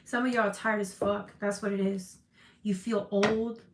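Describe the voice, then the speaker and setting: A woman's voice: medium pitch, flat delivery, normal speed, echoey room, noisy background. A woman giving a tarot reading to her viewers, emotional and tearful, swearing freely and calling them y'all. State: crying. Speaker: tarot reader.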